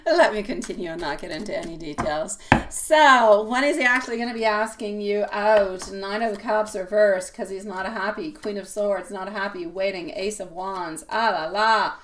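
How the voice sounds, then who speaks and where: A woman hosting a live tarot reading, talking casually and warmly to viewers and calling them sweetie pie, with many fillers and frequent laughs. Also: medium pitch, normal speed. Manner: chatty and affectionate, calls viewers sweetie pie; laughs often, loose rambling talk with fillers.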